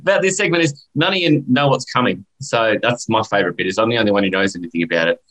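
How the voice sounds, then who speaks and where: A man's voice: lowish voice, fast, fairly bright tone, low-quality recording. A man hosting a casual podcast chat, joking around and calling his co-hosts "mate". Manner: jokey, laughs often, drawls "mate". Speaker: podcast host.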